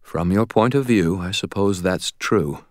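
A man voicing a calm, sorrowful male archangel in an audiobook, speaking in a measured, quietly firm way. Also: low-pitched, no echo, clean studio sound, pitched above the performer's own voice. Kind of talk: audiobook character voice.

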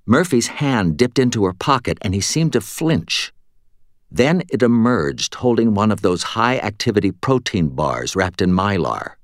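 A man reading a first-person story for an audiobook in a measured, expressive way, close to the mic. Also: lowish voice, no room sound. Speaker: audiobook narrator.

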